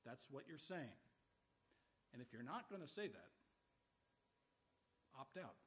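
A man pastor preaching a sermon, with loud emphatic bursts and dry humorous asides. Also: mid-range voice, sing-song, slow pace, highs cut off.

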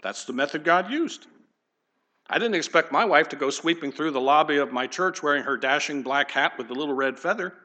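A man's voice: on the high side, lively intonation, a little fast, bright, forceful tone. A middle-aged man, a pastor, giving a conversational sermon and putting questions straight to his congregation. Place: church sanctuary.

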